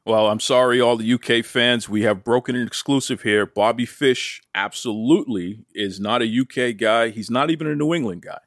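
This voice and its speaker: A man's voice: mid-range voice, moderate pace, few pauses, fairly bright tone, no room sound, clean studio sound. A man hosting a podcast interview, enthusiastic and teasing in his questions. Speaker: podcast host.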